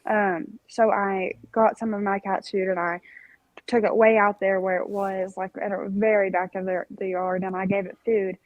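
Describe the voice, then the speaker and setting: Casting: young woman, podcast co-host, animated rambling storyteller, dry close sound. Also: medium pitch, moderate pace, no room sound, phone-quality sound. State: recovering from strep throat. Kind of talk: casual chat, storytelling.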